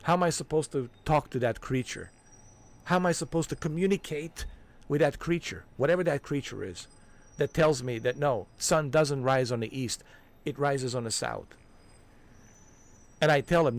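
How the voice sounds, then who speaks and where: On a game livestream, a man rants in heated, profane bursts, tossing in "man" and "dude" as he hammers his points home. His voice is medium in pitch and his pace moderate, typical of casual ranting stream chat.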